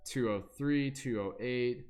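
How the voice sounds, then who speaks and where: A man runs a tarot reading livestream, chatting in a loose, casual way and plugging gaps with filler words and hummed "da da da" sounds. His voice sits in the middle range and is slightly mellow.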